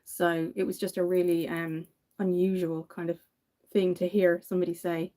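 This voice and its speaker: A woman's voice: fairly low pitch, flat delivery, normal speed, mellow. An Irish woman in her thirties chatting casually while doing her makeup, telling stories and laughing often. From Ireland. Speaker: makeup vlogger.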